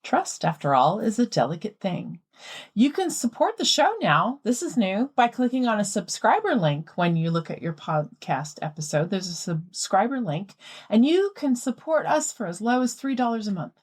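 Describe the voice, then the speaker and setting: A woman hosting a podcast in a casual, chatty way, animated and quick to laugh. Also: medium pitch, breathy edge. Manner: animated and giggly. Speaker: podcast host.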